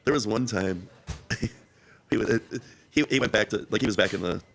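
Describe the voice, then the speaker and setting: Gravelly fast-talking man, chuckling guest. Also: fairly low pitch, fairly bright tone, a little hiss or hum. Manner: laughs often, rambling restarts. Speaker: podcast guest, restaurant owner. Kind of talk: casual chat.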